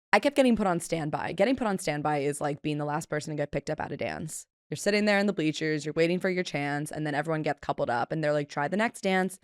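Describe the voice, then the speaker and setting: A woman's voice: low-pitched, no room sound, clean studio sound. A woman in her twenties hosting a solo podcast, telling stories in a chatty, self-deprecating way and acting out the people she quotes. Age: 20s. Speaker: podcast host. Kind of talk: casual solo podcast storytelling.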